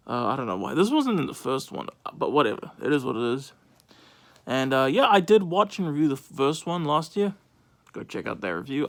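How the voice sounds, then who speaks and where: A man's voice: mid-range voice, vocal fry, fairly bright tone. A man giving casual movie thoughts in a vlog, rambling with lots of fillers and restarts. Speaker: movie reviewer.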